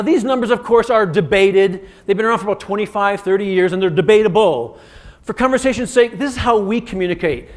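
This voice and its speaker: A man giving an interactive keynote as a communication coach, energetic and firing quick commands at the audience. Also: sits high. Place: conference stage in a large hotel venue.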